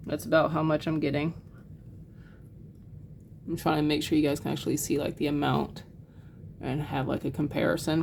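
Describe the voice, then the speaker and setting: Low-voiced woman teaching painting. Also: creaky, slight background noise. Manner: relaxed, chatty, many fillers and apologies. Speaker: art teacher. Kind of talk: casual painting tutorial.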